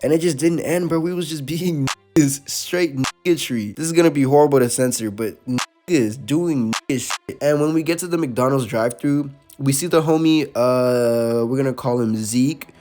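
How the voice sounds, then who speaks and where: A young man telling a story in loose, slang-heavy talk, breaking into laughter and lively asides as he goes. His voice sits at an ordinary pitch for a man. Soft music plays faintly behind him. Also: moderate pace, hardly any pauses. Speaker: storytime host. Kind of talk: casual storytelling.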